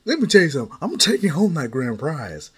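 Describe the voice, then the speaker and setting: A man's voice: a little high, very animated, brisk, a bit bright, breathy edge, full character voice. A man voicing a cocky young prankster who stammers, panics and boasts. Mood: boastful.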